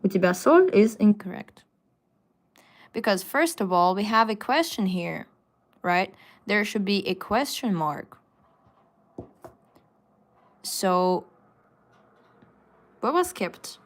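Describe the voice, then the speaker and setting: Slow-paced woman teaching on a live stream. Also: medium pitch, animated. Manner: slow, patient explaining with frequent fillers. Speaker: Russian language teacher. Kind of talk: live-stream language lesson. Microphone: phone.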